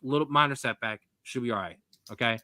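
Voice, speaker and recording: A young man co-hosting a sports podcast, talking in a rambling, jokey, animated way. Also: medium pitch, quick pace, dry recording, clean studio sound. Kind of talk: casual sports chat.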